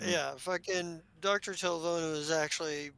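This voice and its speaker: A man's voice: on the high side, fairly even intonation, moderate pace, sharp tone, clean tone. A man running a tabletop game as game master, talking in a rambling way with lots of fillers.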